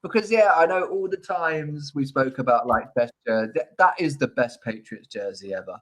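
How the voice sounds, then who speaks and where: A man's voice: mid-range voice, lively intonation, normal speed, a bit bright, poor audio. A young man co-hosting a sports podcast, chatting affably with jokes and tangents. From Ireland or UK. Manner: affable, rambling, joking. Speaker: podcast co-host. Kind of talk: casual chat.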